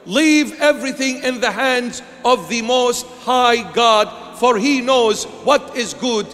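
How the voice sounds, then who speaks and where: A man's voice: extremely high pitch, slow pace, a bit bright, big-room sound. A man preaching a sermon as a bishop, impassioned, with rhythmic repeated phrases that sometimes lift into song.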